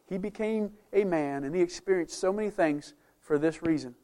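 Male pastor, slightly higher voice, emphatic sermon delivery with chatty asides. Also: normal speed. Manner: emphatic preaching, rising and falling loudness; conversational asides to the congregation.

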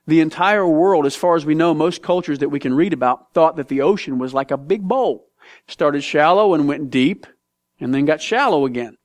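Male pastor, sermon, animated, jokey, slightly high voice, big dynamic swings. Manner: animated and joking, with big swings in pitch and volume; reads scripture aloud.

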